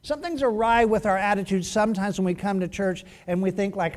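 A male pastor preaching a sermon in an animated, joking way, acting out quotes as he goes. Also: sits high, fairly quick.

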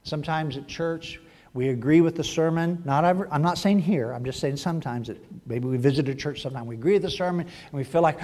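A man preaching a sermon, animated, swinging from loud exclamations to hushed asides and acting out quoted voices. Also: a little high, fast talker, big-room sound. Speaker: pastor.

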